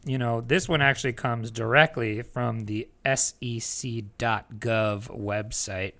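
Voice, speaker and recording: A man's voice: medium pitch, measured pace. A man co-hosting a podcast, chatting casually about news with loose fillers and easy laughs. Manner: relaxed, laughs often, many fillers. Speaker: podcast co-host.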